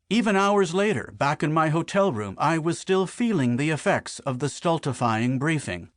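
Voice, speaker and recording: A man narrating an audiobook in the first person with wry, deadpan humor on a close studio mic. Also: on the high side, no room sound.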